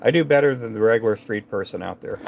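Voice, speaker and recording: A man with a gravelly, creaky voice talks to viewers on his live stream. He rambles from thought to thought with lots of fillers and false starts as he works at his tying bench indoors. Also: on the low side, fast, darkish tone, a little hiss or hum. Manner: rambling, chatty, many fillers and restarts. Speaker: livestream host tying fishing jigs.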